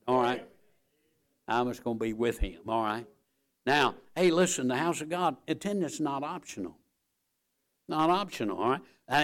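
A man's voice: on the high side, vocal fry. An older male pastor preaching a sermon, emphatic and repetitive, checking in with the congregation with "all right?".

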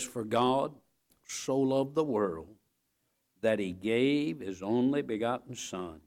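A middle-aged man delivering a sermon in an emphatic preaching style. He repeats key phrases for weight and moves between hushed, low stretches and loud, driving climaxes. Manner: emphatic, repeats phrases, rises and falls in volume.

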